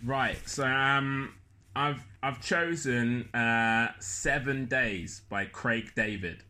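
A man's voice: medium pitch, slow pace, pushed and bright. A man chatting as a podcast guest, rambling and self-mocking, with lots of fillers. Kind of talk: casual chat.

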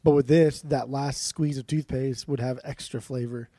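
A man's voice: medium pitch, fairly even intonation, moderate pace, mellow, no room sound. A young man co-hosting a casual podcast chat, goofy and rambling, laughing often at his own riffs. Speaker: podcast co-host.

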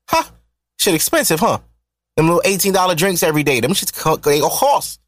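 A man hosting a podcast, ranting in a profane, mocking, animated way. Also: on the high side, brisk, no echo. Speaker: podcast host. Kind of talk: solo podcast rant.

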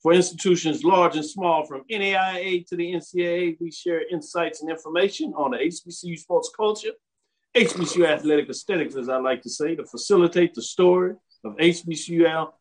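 Host, male, slightly high voice, chatty radio-podcast delivery. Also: slightly rough, poor audio. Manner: upbeat, chatty, quick asides. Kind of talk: radio show and podcast hosting. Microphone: home studio mic.

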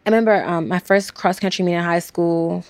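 A woman in her twenties from Washington, D.C., a college student speaking candidly and quickly in an interview, acting out the exchanges she retells. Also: on the low side, fairly even intonation, no room sound. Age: 20s. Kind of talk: recorded interview.

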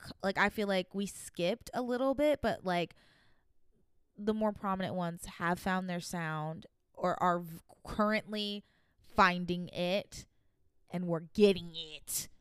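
A young woman hosting a casual podcast, chatty and animated, swearing now and then. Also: on the low side, a little slow, smooth, no echo, studio quality. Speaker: podcast host. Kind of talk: casual chat.

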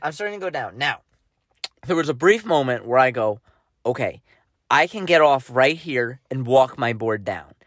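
Animated man telling a funny story. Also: medium pitch, normal speed, no echo. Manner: animated, self-mocking storyteller who acts out his own lines. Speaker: podcast co-host. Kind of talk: casual storytelling chat.

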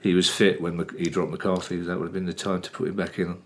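A man's voice: sits low, flat delivery, quick pace. A man co-hosting a football podcast, talking casually with opinionated, teasing remarks and frequent restarts. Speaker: podcast co-host.

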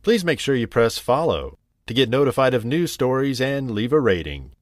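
A man reading a scripted bedtime story in a gentle, unhurried, expressive way. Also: medium pitch, no echo, clean studio sound.

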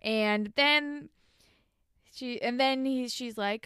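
Speaking at a normal speed with a fairly bright, clean tone, a young woman recaps a TV episode as co-host of a casual podcast. She chats away and performs the characters' lines with big pitch jumps, recorded dry at studio quality.

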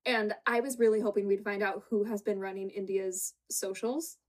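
Recapping a reality show on a podcast, this woman co-host talks at normal speed in a mid-range voice with fairly even intonation. Laughing a lot, she acts out scenes with quoted voices, and the audio comes from a home setup with a green screen.

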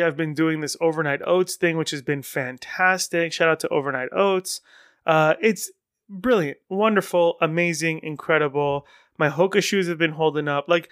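A man's voice: a little high, fairly bright tone, smooth, no room sound, clean studio sound. A man hosting his own podcast in casual, rambling, enthusiastic solo talk. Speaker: podcast host.

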